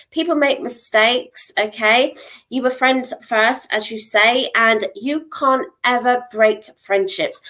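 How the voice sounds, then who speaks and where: Woman psychic reader, somewhat high voice, reassuring, chatty live-stream delivery, middle-aged. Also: fairly bright tone. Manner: reassuring, checks in with frequent "okay?".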